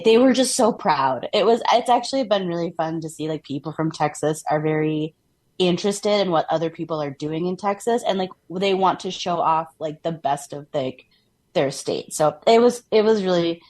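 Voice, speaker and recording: Speaking at a normal speed, this woman has a fairly low, slightly mellow voice and a Minnesotan accent from her Minnesota roots. As a podcast co-host, she chats casually and upbeat, laughing frequently and saying "like" a lot.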